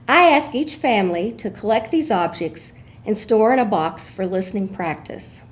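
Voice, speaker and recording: A woman giving measured, explanatory scripted narration as an instructor. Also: mid-range voice, animated.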